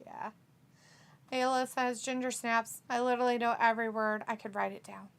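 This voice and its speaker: A woman's voice: fairly high pitch, flat delivery, normal speed, smooth. A woman, co-hosting a wrestling watch-along, reading chat messages aloud, teasing and laughing often.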